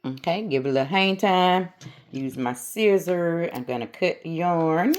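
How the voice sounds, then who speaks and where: Low-voiced, unhurried woman narrating a craft tutorial. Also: a little mellow. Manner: chatty, talks herself through each step. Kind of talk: casual how-to narration.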